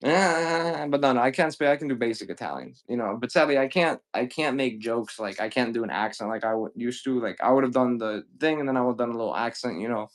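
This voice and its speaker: A man hosting a live stream that sells video games, chatting casually and cursing freely as he greets viewers one after another. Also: medium pitch. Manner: loose and profane, greets viewers rapid-fire. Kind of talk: casual live-selling chat.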